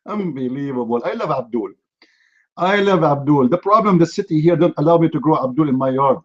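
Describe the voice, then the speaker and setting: A man's voice: a little high, muffled recording. Mocking man hosting a heated debate. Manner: mocking, combative, lecturing. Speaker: debate host. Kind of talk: heated live online debate.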